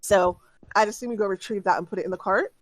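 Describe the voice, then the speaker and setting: A woman runs a tabletop game, narrating loosely and stopping to restart her sentences with um after um. Her pitch sits in the middle of the range. The sound is dry and close. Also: quick pace, dry recording, faint music behind, rough recording. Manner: rambling, full of ums and restarts. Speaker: game master.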